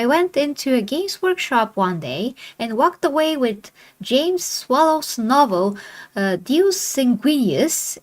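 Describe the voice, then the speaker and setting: A woman host reading an interview aloud in a playful way, tripping over hard names now and then. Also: sits high. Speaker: channel host.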